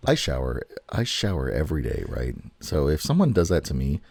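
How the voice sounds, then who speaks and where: Young male co-host, husky low voice, dry close sound, crude animated banter. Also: fairly quick, no room sound. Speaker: podcast co-host. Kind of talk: casual chat.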